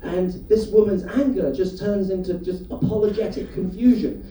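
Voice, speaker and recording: High-voiced male comic from the UK. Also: fairly even intonation, mellow, a little hiss or hum. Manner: storytelling, chatty, quick asides to the audience. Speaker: stand-up comedian. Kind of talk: stand-up comedy set with crowd work. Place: comedy club stage. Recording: roomy live venue, mic heard from a distance. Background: audience laughter.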